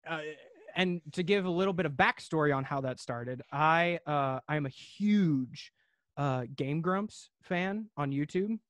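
Rambling man with a high voice. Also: a little slow, a bit bright, dry recording. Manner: rambling, lots of filler words; laid-back storytelling. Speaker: podcast guest. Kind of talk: casual chat.

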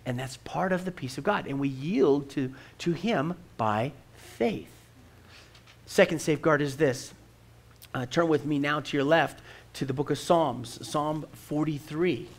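A man's voice: on the high side, measured pace. A middle-aged man, a pastor, preaching a sermon in an earnest way and often repeating words as he starts a sentence. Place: church.

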